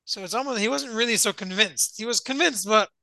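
Rabbi leading a verse-by-verse class; bright, forward tone, poses questions and answers them, dry close sound. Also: male voice, sits high, fairly quick, creaky, dry recording, low-quality recording. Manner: thinks aloud, asks and answers his own questions; reads Hebrew verse then translates it. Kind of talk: Torah class explaining verses.

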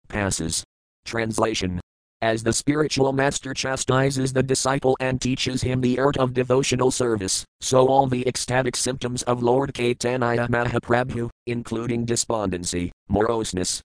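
A man reading scripture aloud in a measured way, saying each foreign term and then its English meaning. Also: medium pitch, smooth, no room sound, low-quality recording. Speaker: scripture reader.

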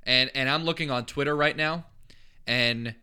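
A man's voice: mid-range voice, moderate pace, sharp tone, clear, resonant tone. A man hosting a casual sports chat, reacting to a guest and giving live score updates. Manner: conversational, reacts with laughs, gives game updates.

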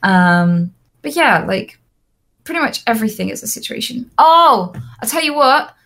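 Young woman telling lively stories. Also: on the high side, normal speed, creaky. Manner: lively anecdotes, frequent fillers and restarts. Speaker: interview guest, streamer. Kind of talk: casual storytelling.

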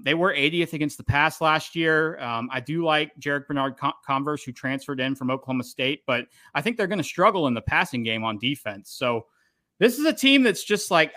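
Bright-voiced opinionated sports podcaster. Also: male voice, medium pitch, no room sound, studio quality. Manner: opinionated, animated. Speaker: podcast host. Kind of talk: casual sports chat.

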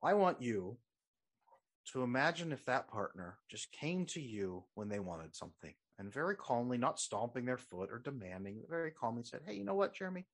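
Husky man coaching on relationships. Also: mid-range voice, big pitch swings, moderate pace. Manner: earnest, explaining, walks listener through exercises. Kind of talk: casual chat, guided visualization.

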